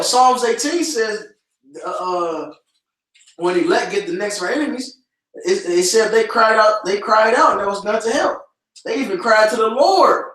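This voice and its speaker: Man, street preaching, high voice, heavy echo, far from the mic, casual, says "man" a lot. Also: a bit bright. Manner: casual, repeatedly tags lines with "man". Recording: echoey and distant from the mic.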